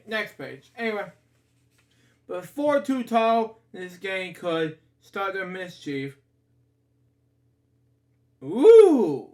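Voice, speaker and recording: A man with a high, slightly bright voice reads a children's picture book aloud in a casual way. He often stumbles, pauses to comment, and apologizes to his listeners.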